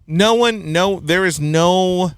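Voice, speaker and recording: A fairly high-voiced man talking slowly and bluntly in a casual review chat, laughing between his opinions. The sound is dry and close, with no room around it. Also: clean tone, no echo. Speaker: podcast host reviewing a film.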